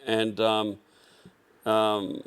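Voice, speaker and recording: A man's voice: on the low side, monotone, very slow, a bit bright, clean tone. An older Australian man with a workshop, telling rambling, blunt anecdotes full of fillers and restarts in a casual interview. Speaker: workshop owner, guest.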